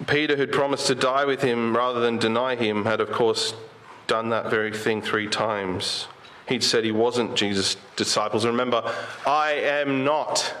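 A man preaching a sermon in a relaxed, conversational way, with a voice of middle pitch. He keeps asking his listeners questions, and he slows down and lifts his voice for quoted verses. A faint hiss sits under the recording. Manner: conversational, asks the congregation rhetorical questions; slows down and lifts his voice when quoting Jesus.

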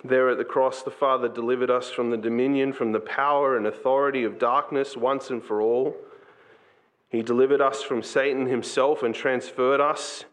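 A man preaching a sermon as pastor, earnest and conversational, slipping into quick acted asides. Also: mid-range voice, fairly even intonation, a bit bright.

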